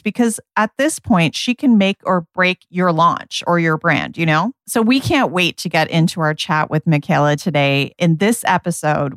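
A woman's voice: on the low side, dry recording, studio quality. A woman co-hosting a beauty podcast, talking in an upbeat, gushing, casual way. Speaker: podcast co-host.

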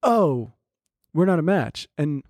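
A man with a slightly high voice chats casually on a podcast and winds through long stories. He acts out what everyone said. The sound is close and dry, with no room echo. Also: big pitch swings, takes it slowly, darkish tone. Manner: rambling storyteller, acts out quotes. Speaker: podcast co-host. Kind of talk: casual chat.

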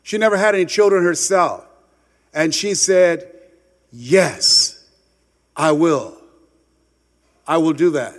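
A man's voice: on the high side, slow pace, long pauses, long reverb tail. Impassioned man, dramatic storytelling delivery. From United States. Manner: impassioned, dramatic swings from loud to hushed. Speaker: motivational speaker. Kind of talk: motivational storytelling.

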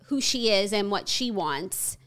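A woman co-hosting a casual chat, blunt and quick to agree, with casual swearing. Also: medium pitch, lively intonation, a bit bright, clean tone. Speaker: podcast co-host.

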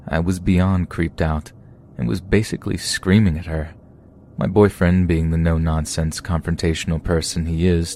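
A man with a very low, deep voice narrates a true scary story in a steady, measured way. His scripted first-person reading has a faint hiss of noise underneath. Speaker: podcast narrator.

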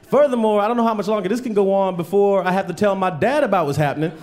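This stand-up comedian speaks quickly in a high voice with a darkish tone, performing on stage for a live audience. Telling stories, he mimics other people, raising his voice for each character.

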